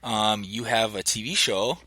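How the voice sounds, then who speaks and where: Deep, bright-toned Minnesotan man. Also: a little slow, no room sound. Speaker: podcast host. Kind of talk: casual chat.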